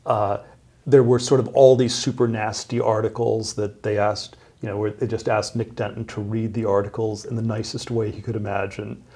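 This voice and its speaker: Gravelly, husky man with halting speech. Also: lowish voice, flat delivery, dark tone. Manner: halting, many fillers and restarts. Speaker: interview guest. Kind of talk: casual interview storytelling.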